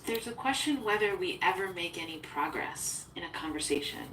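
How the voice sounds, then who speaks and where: A woman in a philosophical conversation who talks eagerly and jumps in quickly. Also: fairly low pitch, animated, fairly bright tone. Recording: roomy echo from far off with faint noise.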